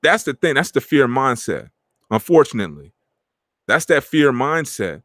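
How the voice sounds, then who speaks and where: A middle-aged man hosting a podcast, talking in animated street slang and acting out the friends he quotes. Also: medium pitch, normal speed, no echo, clean studio sound. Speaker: podcast host. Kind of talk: casual motivational talk.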